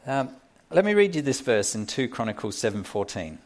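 A man's voice: mid-range voice, big pitch swings, normal speed. A man preaching a sermon in a conversational way, with small fillers and restarts.

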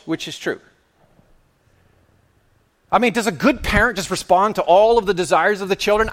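A man preaching a sermon in an animated, playful way, acting out little scenes and quotes. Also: high voice, normal speed, long pauses.

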